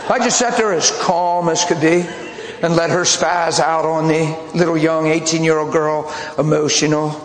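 A man preaching a sermon as a pastor, telling stories in a blunt, animated way. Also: fairly high pitch, normal speed, a little hiss or hum. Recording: long hall reverb, faint ambience.

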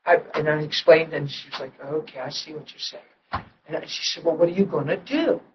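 A man with a high voice preaches his testimony, going from quiet asides to raised, emotional retelling. The recording sounds dull and a little distant from the mic. A faint hum of ambience sits behind him. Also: a little fast. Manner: emotional storytelling, swings from hushed to loud. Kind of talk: testimony sermon.

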